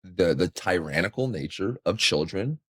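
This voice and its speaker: A man's voice: expressive, normal speed, fairly bright tone, slightly rough. A man co-hosting a casual podcast chat, rambling with lots of fillers and casual swearing. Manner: rambling, filler-heavy, acts out quotes in sudden high voices. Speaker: podcast co-host.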